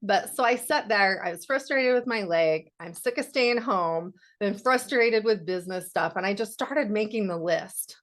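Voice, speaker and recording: A woman's voice: medium pitch, animated, moderate pace, few pauses. A woman self-help coach speaking in a casual livestream talk, candid and blunt, swearing freely.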